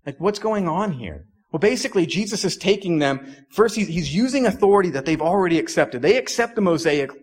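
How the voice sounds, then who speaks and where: A man's voice: high voice, animated, fairly quick, breathy edge. A young adult man preaching a sermon as pastor in a conversational way, with frequent "like"s and restarts.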